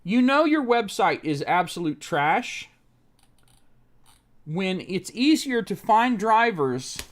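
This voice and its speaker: Male streamer fixing a laptop, profane and fed up, pitch all over the place. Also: sing-song, takes it slowly. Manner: exasperated, profane ranting at the screen; mutters technical steps under his breath. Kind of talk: live-stream tech commentary.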